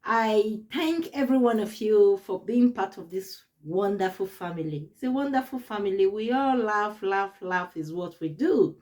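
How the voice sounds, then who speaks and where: A woman's voice: medium pitch, animated, moderate pace, few pauses, darkish tone. A young adult woman vlogger telling a personal story to her viewers in a casual way, laughing often and repeating words for emphasis. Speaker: YouTube vlogger.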